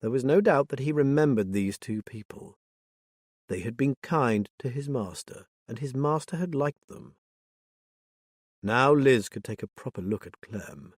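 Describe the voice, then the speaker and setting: Narrating a thriller from a script, a man keeps his mid-range voice measured and level throughout. No room sound comes through, and the studio audio is clean.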